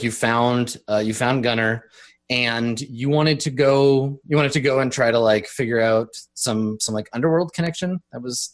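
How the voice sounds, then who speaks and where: A man running a tabletop role-playing game as game master. His narration is casual and rambling, full of fillers and restarts as he sets each scene. His voice sits at a middling, ordinary pitch.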